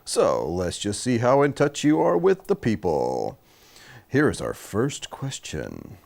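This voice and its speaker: Young male game show host, wildly swooping pitch, gravelly edges. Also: wildly swooping pitch, slow pace, darkish tone. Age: young adult. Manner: showy, swooping announcer delivery. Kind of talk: comedy game show hosting.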